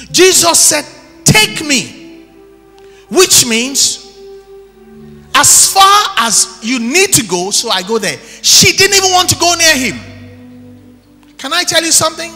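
A man preaches with passion, swinging between shouted lines and hushed asides. His voice sits very high and rings bright and sharp. It is a live church recording with a long hall echo and faint music underneath. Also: wildly swooping pitch, a little slow, long pauses. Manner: impassioned preaching, shouting then dropping low. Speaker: pastor. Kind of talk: sermon.

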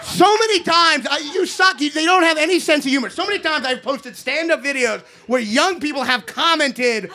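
A man in his thirties doing a stand-up set in a comedy club, ranting in an exasperated way and shouting his punchlines into a handheld mic. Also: extremely high pitch, moderate pace, few pauses. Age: 30s. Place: comedy club basement before a live audience. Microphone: handheld stage microphone. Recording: live club recording with audience noise. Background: audience laughter.

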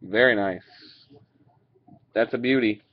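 A man with a fairly low-pitched voice talks slowly and easily while opening card packs. Loose and unhurried, he reads out the cards, cursing and chuckling now and then, and his voice comes through a dull, lo-fi webcam mic.

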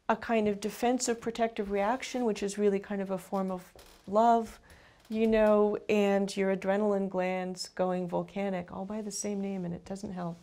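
A woman's voice: mid-range voice, warm tone. A woman in her fifties, an author being interviewed, speaking reflectively with frequent restarts and asides.

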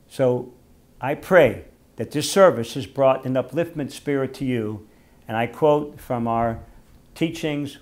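An older male rabbi speaks at a memorial service at an average pitch. His delivery is gentle and heartfelt, the pace of a storyteller who slows down for readings and prayers.

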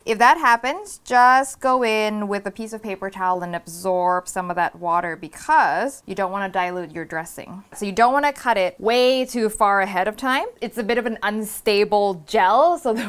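A woman's voice: mid-range voice, a bit bright, clear, resonant tone. A woman hosting a cooking show, walking through a recipe step by step in a casual, upbeat, chatty way.

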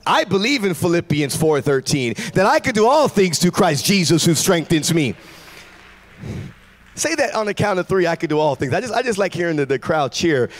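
A man preaches in a church sanctuary with a high voice that leaps all over. He is fervent and shouts his declarations to the congregation. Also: big pitch swings, normal speed. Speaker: guest pastor. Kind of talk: sermon.

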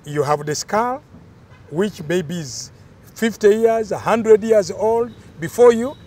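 A man's voice: sits high, takes it slowly, darkish tone. An older man, explaining cultural traditions in an emphatic, storytelling way during an interview.

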